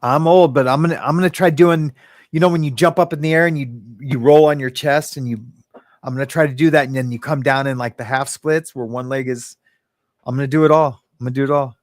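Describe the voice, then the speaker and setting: A man's voice: medium pitch, steady tone, fairly quick, dry recording. A man hosting a casual livestream from his home, chatting loosely, reading viewer comments aloud and laughing often. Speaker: host. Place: home living room. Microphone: webcam or phone in his home.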